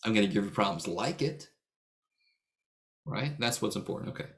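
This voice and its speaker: A man's voice: lowish voice, animated, moderate pace. A middle-aged man runs a math lecture over a video call. His delivery is casual and joking, full of blunt asides and casual swearing. He ribs students by name as he walks them through each step. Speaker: math instructor.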